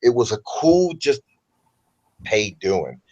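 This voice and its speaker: A relaxed man with a low baritone and a light Southern American accent rambles comfortably as an interview guest. He sounds a little dull and lo-fi, as if he is coming in over a remote call. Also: takes it slowly. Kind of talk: casual interview talk.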